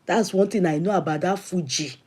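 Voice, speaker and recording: This livestream host, a middle-aged woman with a Nigerian accent, has a lowish, warm, slightly rough voice and a brisk delivery. She greets viewers by name in a casual chat, weaving in Yoruba expressions.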